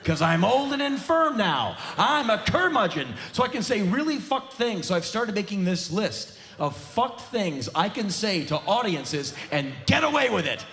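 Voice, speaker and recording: Intense guy in his 40s ranting onstage, voice jumps all over, kinda high. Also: sing-song, moderate pace, few pauses, slight background noise. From United States. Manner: intense, ranting, bursts into shouts. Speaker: spoken word performer. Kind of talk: live spoken word comedy rant. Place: theater stage.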